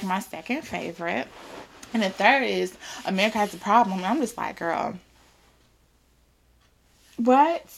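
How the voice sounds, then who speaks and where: A woman hosting her own podcast in a casual chat, animated and chatty, swearing freely. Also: medium pitch, gravelly, slight background noise. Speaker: podcast host.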